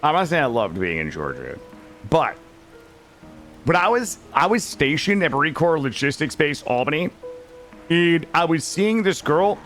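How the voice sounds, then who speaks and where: A gaming streamer from Vermont, USA, chats casually with his live-stream chat while playing, joking and swearing freely. His voice is on the high side, a bit bright and very animated, at a moderate pace over soft background music.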